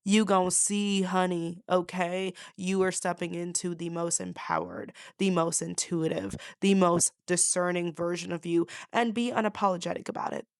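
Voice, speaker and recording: Sassy low-voiced woman giving a reading. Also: moderate pace, few pauses, clear, resonant tone, dry recording, clean studio sound. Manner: sassy, emphatic, repeats phrases for effect; calls the viewer honey and babes. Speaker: intuitive card reader. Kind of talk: direct-to-camera spiritual reading.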